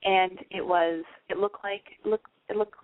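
Tipsy foul-mouthed lady hosting a call-in show, super animated, dry tinny sound. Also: medium pitch, normal speed, dry recording. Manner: brash, profane and animated. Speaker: radio show host. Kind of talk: casual advice call-in show.

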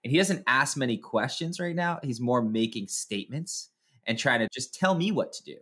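Male podcast host, mid pitch, chatty and upbeat, casual delivery. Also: expressive, normal speed, sharp tone, husky. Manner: upbeat, talkative, full of filler words. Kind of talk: casual sports podcast chat.

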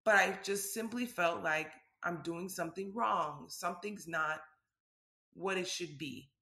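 A woman's voice: on the low side, unhurried, pushed and bright, roomy sound. A woman vlogger speaking candidly and conversationally about a personal experience, with frequent filler words.

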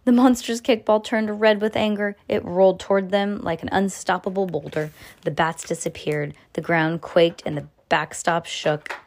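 Woman reading a children's book aloud. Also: normal speed. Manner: expressive read-aloud with pitch jumps for dialogue; casual asides about the book. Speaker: reader.

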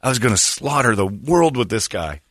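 Low voiced guy from indiana, super lively, dry close sound, roasting football players. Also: moderate pace, no echo. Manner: mocking, animated, acts out voices. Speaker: sports talk show host. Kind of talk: casual sports banter.

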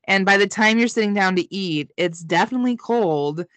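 A woman's voice: medium pitch, moderate pace, fairly bright tone, dry recording. A woman co-hosting a podcast, chatting casually about a show, giggling and swearing freely. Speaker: podcast co-host. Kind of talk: casual recap chat.

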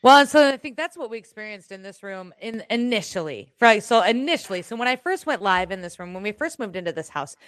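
A woman chatting casually as a co-host at home, telling a personal story in an animated, rambling way with restarts and the odd swear word. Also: mid-range voice, quick pace, hardly any pauses, dry recording. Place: room in her home.

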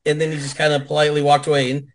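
A man, a guest on a video call show, telling stories in a lively, profane way and acting out what people said. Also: on the high side, racing, poor audio. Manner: animated, profane, acts out quotes. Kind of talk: casual storytelling on a video call.

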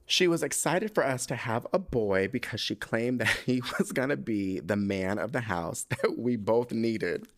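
This podcast host is a young man whose medium-pitched voice runs a little slow with few pauses. Camp, animated and quick to swear, he chats casually, then reads out a listener's letter and becomes emotional, getting choked up.

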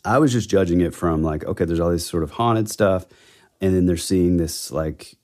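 Telling a ghost legend on the podcast he co-hosts, a man rambles casually and corrects himself repeatedly. His voice is low-pitched and darkish, delivered at a normal speed.

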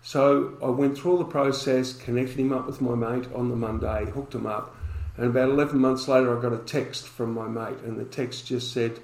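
A man's voice: medium pitch, fairly even intonation, moderate pace, few pauses, a little mellow, roomy sound, poor audio. A man, a podcast guest telling a story and acting out the dialogue in it.

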